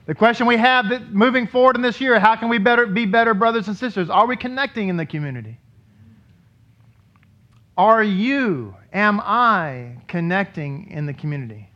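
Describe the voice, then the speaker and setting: High, bright-voiced man preaching. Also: expressive, moderate pace. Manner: conversational, asks the congregation questions. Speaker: rabbi. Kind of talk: sermon. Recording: dull lo-fi recording.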